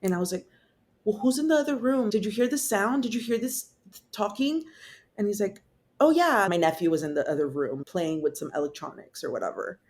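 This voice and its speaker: A woman's voice: mid-range voice, fairly quick, darkish tone. A young woman, a podcast guest, telling her personal story in a candid, casual way with swearing, fillers and restarts.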